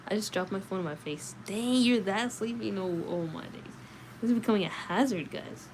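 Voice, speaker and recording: A woman's voice: mid-range voice, normal speed, darkish tone, slight background noise, rough recording. A woman reading a novel aloud at night and chatting casually between passages, sleepy and chatty. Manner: sleepy, chatty, answers chat comments. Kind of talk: late-night read-aloud and casual chat.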